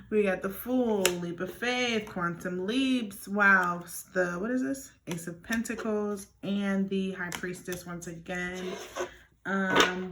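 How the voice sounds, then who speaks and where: A young woman doing a pick-a-card tarot reading, speaking straight to her viewers in an earnest, encouraging way. She talks fast and often restarts her sentences, and her voice sits at a medium pitch. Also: noisy background. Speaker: tarot reader.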